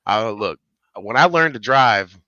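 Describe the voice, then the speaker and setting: A man with a St. co-hosting a podcast, telling stories in animated, profane casual chat. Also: on the low side, a little slow, no room sound, lo-fi sound. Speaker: podcast co-host.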